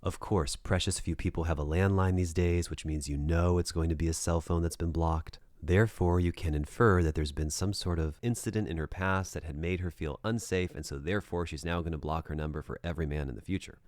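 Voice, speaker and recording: Deep-voiced man giving direct dating advice. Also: fairly even intonation, brisk, hardly any pauses, darkish tone, no echo, clean studio sound. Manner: direct, conversational, checks in with the listener. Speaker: dating coach. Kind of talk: advice monologue.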